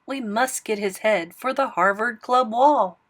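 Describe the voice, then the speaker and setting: A woman voicing a male hunter in a storybook reading, shouting loud commands. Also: a little high, measured pace. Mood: fierce.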